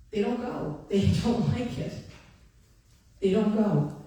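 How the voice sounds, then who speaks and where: Woman, 50s, candid emphatic testimony speaker, mellow tone, heard distant in a big echoey hall. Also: mid-range voice. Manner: candid, emphatic, repeats short phrases for stress. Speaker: guest speaker giving a personal testimony. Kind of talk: personal testimony speech to an audience.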